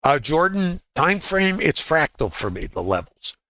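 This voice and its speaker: This trading educator's voice sits a little high and is very animated yet unhurried, pushed and bright with no room sound. He guides a live webinar through charts in a chatty manner, asking viewers rhetorical questions.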